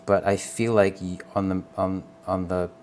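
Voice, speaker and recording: Deep-voiced man giving a gentle tarot reading. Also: level tone, normal speed, a little hiss or hum. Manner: gentle, earnest, reassuring, checks in with "okay?"; calls the viewer honey and girl. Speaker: tarot reader. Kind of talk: live tarot reading addressed to viewers.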